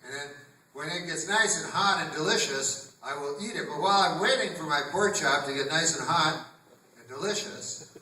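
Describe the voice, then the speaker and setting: Stand-up guy on stage, kinda high voice, rambly and deadpan, recorded far off in a roomy echoey theatre. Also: normal speed, a little hiss or hum. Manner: rambling deadpan delivery with sudden loud outbursts in acted quotes. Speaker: stand-up comedian. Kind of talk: stand-up comedy set. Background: audience laughter.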